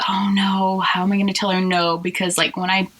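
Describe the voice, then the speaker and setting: A woman's voice: medium pitch, little pitch movement, a little fast, fairly bright tone, a little hiss or hum, rough recording. A young woman co-hosting a podcast, telling a long story in a chatty, filler-heavy way. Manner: chatty, filler-heavy, laughing through anecdotes. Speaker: podcast co-host. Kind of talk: casual storytelling chat.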